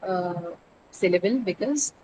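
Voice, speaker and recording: A woman's voice: mid-range voice, expressive, a little slow, noisy background. A woman teaching an English class, explaining word stress step by step, spelling out letters and asking her students questions.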